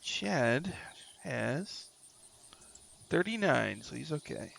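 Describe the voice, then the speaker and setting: A man running a tabletop game as dungeon master, thinking aloud in an unhurried way. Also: on the high side, big pitch swings, gravelly, a bit bright, a little hiss or hum.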